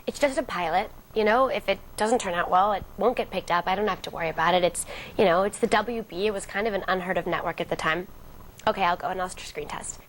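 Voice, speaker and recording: Fast-talking woman telling a story. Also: medium pitch, a bit bright, slight background noise, low-quality recording. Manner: acts out quoted dialogue vividly. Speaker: actress interviewee. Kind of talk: casual storytelling interview.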